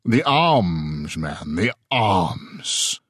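A loud, haughty English scholar past fifty, stout and sharp-tongued, as a man reads him. His tone is exasperated, and the recording is dry and close. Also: mid-range voice, very animated, slow, no room sound, voice pushed up.

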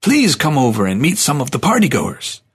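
A man voicing an eager woman party organizer in a storybook reading, raising his pitch well above his own. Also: huge pitch swings, normal speed, slightly rough, full character voice.

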